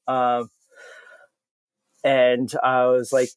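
A man's voice: mid-range voice, normal speed, dry recording. Man, casual guest storyteller, rambling with fillers, dry close mic. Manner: rambling and profane, with many fillers and laughs. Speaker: podcast guest.

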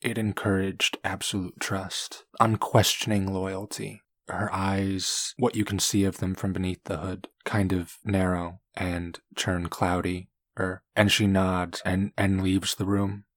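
A man narrating his character's actions in a tabletop game in a measured, even way. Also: deep voice, no echo, clean studio sound.

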